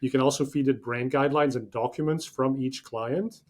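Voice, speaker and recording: A man in a podcast interview talks through his ideas with eager, rambling energy. His pitch sits in a middle range, and he leans on fillers and quick restarts as his thoughts tumble out. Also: steady tone. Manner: enthusiastic, rambling explanations with many fillers. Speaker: podcast guest. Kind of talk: conversational interview.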